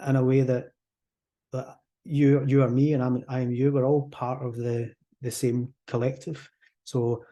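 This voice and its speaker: A Scottish man speaks as a hypnotherapist guest on a podcast interview. He talks fast and animatedly, and slips into acted-out example voices. His tone is dark and mellow. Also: mid-range voice.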